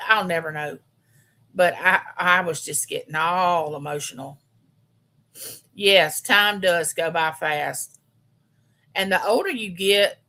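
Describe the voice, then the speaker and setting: A woman's voice: lowish voice, bright, forceful tone. A woman, chatting homily and directly with viewers on a casual live stream. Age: 50s. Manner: chatty, homey, talks straight to her viewers.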